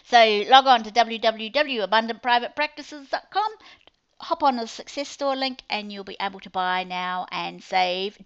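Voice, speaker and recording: A woman's voice: on the high side, normal speed, clear, resonant tone, muffled recording. Chatty New Zealand woman coach. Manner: chatty, upbeat sales patter with playful asides. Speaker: business coach. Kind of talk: promotional talk to clients.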